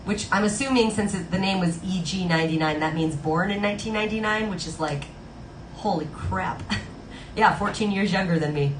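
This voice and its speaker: A woman's voice: mid-range voice, moderate pace, a little hiss or hum. A woman in her thirties chatting casually with viewers on a live stream and reading out their comments. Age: 30s. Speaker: streamer playing Disney songs on request. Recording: echoey room with music playing.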